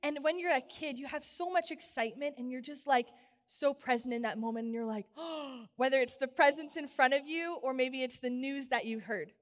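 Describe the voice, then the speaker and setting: A young woman preaching a sermon in a church, telling stories with bubbly, animated exclamations. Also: sits high, brisk. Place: church sanctuary. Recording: long church reverb.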